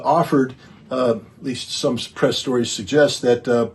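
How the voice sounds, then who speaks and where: An American man speaking as a conference panelist, delivering an emphatic political talk with rhetorical questions and frequent fillers and restarts. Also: mid-range voice.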